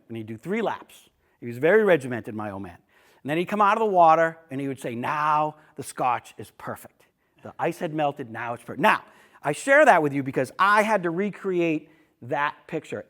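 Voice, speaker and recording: A man's voice: on the high side, fairly bright tone. A middle-aged man, talking casually to an audience about his books, full of asides and restarts. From Boston area. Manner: storytelling, chatty, with frequent restarts and asides. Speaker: author giving a talk. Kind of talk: casual author talk to an audience.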